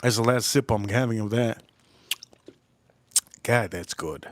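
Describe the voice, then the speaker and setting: A man's voice: on the low side, a little slow, slight background noise. A man hosting a livestream, telling a rambling, crude story in a casual way and repeating himself as he goes. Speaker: livestream host.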